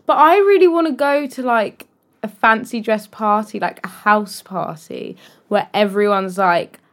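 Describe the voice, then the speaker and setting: A woman's voice: mid-range voice, unhurried. A young woman, co-hosting a podcast in playful casual chat. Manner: lively, playful, puts on joking accents. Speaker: podcast co-host.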